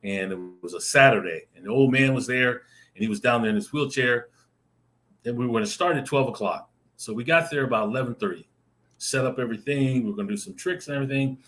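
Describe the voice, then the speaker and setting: A man on a video call telling a lively personal story, acting out the voices in it and laughing often. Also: medium pitch, fast. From Arizona. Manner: animated, acts out voices in his stories, laughs often. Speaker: guest storyteller. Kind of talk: casual anecdote telling.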